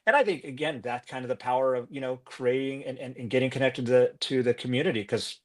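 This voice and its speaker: Man, podcast guest, upbeat, earnest, mid-pitched voice, casual chat. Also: fast talker. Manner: upbeat, earnest, lots of "you know" fillers. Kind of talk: casual conversation.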